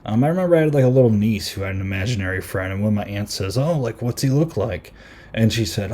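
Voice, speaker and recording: A man with a lowish, mellow voice talks through a film in a casual podcast review. He rambles loosely, piles on fillers, and retells scenes and lines as he goes. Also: animated, quick pace. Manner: rambling, many fillers and retold quotes. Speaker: podcast host.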